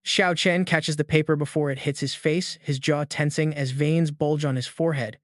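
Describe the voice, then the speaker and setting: A man narrates a manhwa recap in smooth, scripted storytelling. His voice sits a little high and stays even throughout. The sound is close and dry. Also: moderate pace, hardly any pauses, dry recording.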